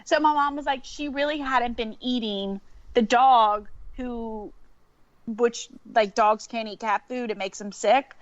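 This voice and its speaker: A woman's voice: on the high side, a little slow, no echo. A woman, telling a story in casual chat and laughing often. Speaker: podcast guest. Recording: dull lo-fi sound.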